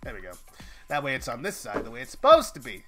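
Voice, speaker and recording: A man hosting a live stream and chatting with friends over a voice call, animated and teasing. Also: medium pitch, music in the background. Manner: animated, teasing, quick to laugh. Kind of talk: casual group chat on a live stream.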